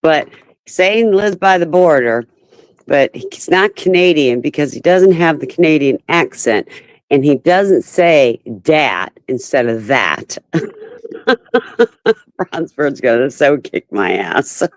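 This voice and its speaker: A woman's voice: low voice, expressive, slow pace, dry recording, poor audio. A woman hosting a casual group chat, teasing her guests and laughing often. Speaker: host of an open chat panel.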